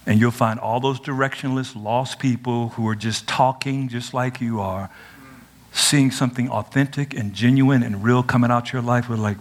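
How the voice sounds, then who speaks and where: A young man preaching an energetic sermon, animated and playful, swinging from loud cries to quiet asides. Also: medium pitch, normal speed. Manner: conversational and playful, acts out quotes.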